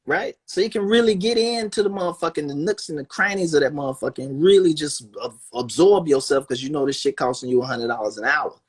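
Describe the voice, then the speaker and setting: A man's voice: fairly high pitch, a little fast, hardly any pauses, husky. A man in casual conversation, riffing in a profane, loose way and acting out quoted voices. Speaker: guest in conversation. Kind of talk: casual chat.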